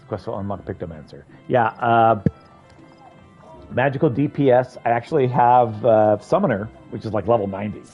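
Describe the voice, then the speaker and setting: A man's voice: medium pitch, normal speed, highs cut off, soft background music. A man streaming a video game, chatting casually and thinking aloud as he rambles through it. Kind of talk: casual gameplay commentary.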